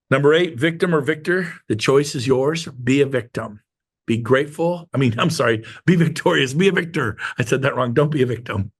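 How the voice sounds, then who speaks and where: Guy pumping up his real estate team, gravelly voice, says stuff twice and slows way down to hammer it home. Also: medium pitch. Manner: emphatic and repetitive, slows down to stress points. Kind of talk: motivational team talk. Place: meeting room with a live audience.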